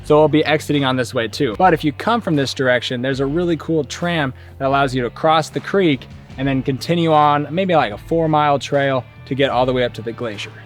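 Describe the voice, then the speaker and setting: A man's voice: medium pitch, fairly quick, hardly any pauses, soft background music. A young man narrating an outdoor hiking vlog on a forest trail, chatty and informative, speaking into a handheld camera mic. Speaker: vlogger and hiking guide.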